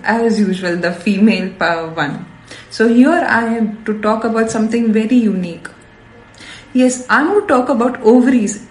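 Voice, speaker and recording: An Indian-accented woman endocrinologist hosts a health show, delivering an upbeat, scripted talk full of emphatic repetition. Her voice is slightly high and a bit mellow, captured with a roomy echo.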